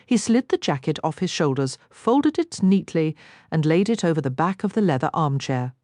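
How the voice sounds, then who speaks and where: A woman narrating a first-person romance audiobook in an expressive, intimate storytelling manner. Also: low voice, moderate pace, dry recording, studio quality.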